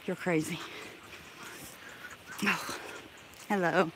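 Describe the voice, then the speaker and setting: A woman's voice: fairly low pitch, very noisy. A woman chatting on a live stream while walking through a park, out of breath, swearing casually and laughing often. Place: outdoors in a crowded park. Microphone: handheld phone camera.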